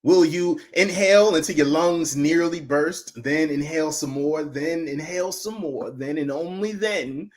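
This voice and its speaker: A man performing a spoken word poem, building from low and hushed to loud, chanting intensity. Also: a little slow, few pauses. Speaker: poet.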